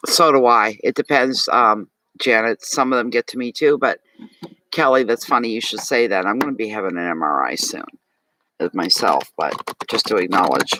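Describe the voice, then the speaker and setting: A man's voice: on the low side, normal speed, sharp tone, dry recording, poor audio. A man with a Maritime Canadian accent giving a live tarot reading, talking chattily and animatedly to his viewers and answering chat comments. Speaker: tarot reader.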